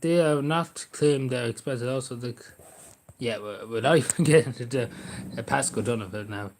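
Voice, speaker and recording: A man's voice: medium pitch, moderate pace, darkish tone. A man talks casually into a desk mic on his livestream. He rambles, making sarcastic, jokey asides as he goes. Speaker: livestream host.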